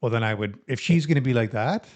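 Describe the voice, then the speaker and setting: A middle-aged man co-hosting a casual podcast, teasing the others in a quick, lively way. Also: medium pitch. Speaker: podcast co-host. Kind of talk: casual chat.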